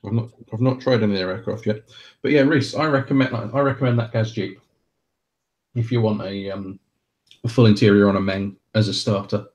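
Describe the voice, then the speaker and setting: A man's voice: fairly low pitch, steady tone, brisk, darkish tone, muffled recording. Laid-back man on a video call. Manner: laid-back, laughs easily, swears casually. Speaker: guest modeller on a hangout. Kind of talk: casual group video call chat.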